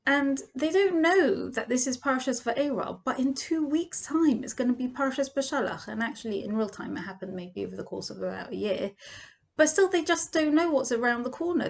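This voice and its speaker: A woman's voice: sits high, fairly quick, vocal fry. A woman teaching a Torah lesson as a vivid second-person story, acting out the quoted lines.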